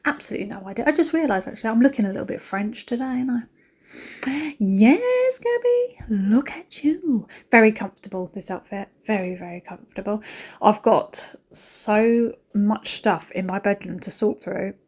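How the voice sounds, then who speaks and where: A woman's voice: mid-range voice, a little fast. Chatty British woman vlogging while cleaning. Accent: British English. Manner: chatty, rambling, addresses viewers directly; emotional, self-mocking. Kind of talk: casual chat while cleaning.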